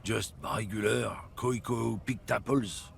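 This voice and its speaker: A man voicing a gruff, bigoted middle-aged trucker from a game, swaggering and sneering as he boasts. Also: on the low side, fairly even intonation, takes it slowly, slight background noise, full character voice. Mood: boastful. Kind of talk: voicing game dialogue on a livestream.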